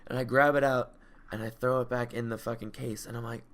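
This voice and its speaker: A young man co-hosting a podcast, telling a story in a rambling, casual way with lots of swearing and loud re-enacted yells. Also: mid-range voice, flat delivery, brisk. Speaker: podcast co-host. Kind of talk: casual chat.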